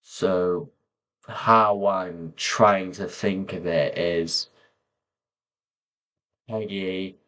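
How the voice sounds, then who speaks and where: A man talking slowly and softly to camera, pausing often as he reflects on personal memories. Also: sits low, steady tone. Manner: slow, soft-spoken, pausing often. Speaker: vlogger.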